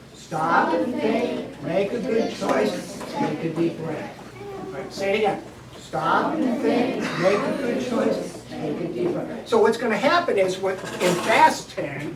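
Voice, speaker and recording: A woman's voice: medium pitch, noisy background. A woman teacher coaching a classroom through steps, giving directions in an instructive way. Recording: echoey classroom from far off.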